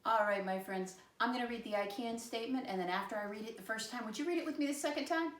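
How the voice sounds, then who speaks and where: A woman teacher talking a lesson for young children in an animated, sing-song way, slowing down to spell words letter by letter. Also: on the high side, echoey room.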